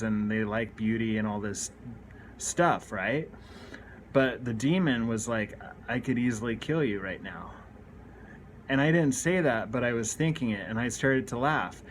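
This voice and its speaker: A man in his thirties speaks candidly into the camera and tells a confessional story from his own life. His voice sits at an ordinary middle pitch, and he talks in earnest with frequent restarts and repeated words. A faint hiss of noise runs under the recording. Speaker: recovery speaker.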